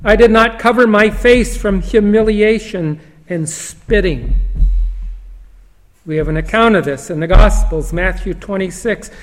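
A man preaching a sermon, reading scripture slowly and emphatically, with long pauses. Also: high-pitched. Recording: long hall reverb.

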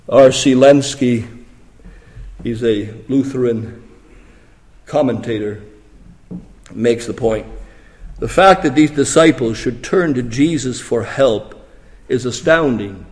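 A male pastor preaching a sermon, swinging from hushed explanation to loud emphatic questions. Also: mid-range voice, slow pace, long pauses, in a large hall.

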